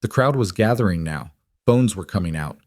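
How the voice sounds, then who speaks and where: A male narrator tells a dramatic story in a steady, scripted delivery. His voice sits low. The recording is dry and close with no room sound. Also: moderate pace, no echo.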